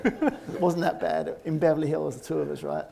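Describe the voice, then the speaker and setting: A man in his fifties with a London accent, telling a personal story in a lively, animated way and often laughing as he talks. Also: fairly high pitch, fairly quick, creaky. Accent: London English. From England (London).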